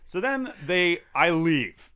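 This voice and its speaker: A man's voice: fairly high pitch, very animated, slow pace, background noise. A middle-aged man telling a story in casual podcast chat, acting out the people he quotes. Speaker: podcast guest.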